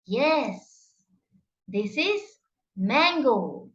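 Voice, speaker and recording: A woman with a fairly high, sing-song voice leads a children's phonics lesson at a very slow, drawn-out pace. She enunciates every sound with care and keeps her tone encouraging. The recording is a little dull and lo-fi. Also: big pitch swings, fairly bright tone. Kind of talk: slow, exaggerated phonics teaching.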